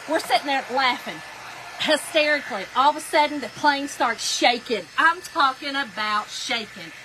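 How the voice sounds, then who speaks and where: A woman's voice: high-pitched, background noise. A woman, animatedly telling a story to her viewers while she crafts. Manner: animated, chatty, addresses viewers as y'all. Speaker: crafting livestream host.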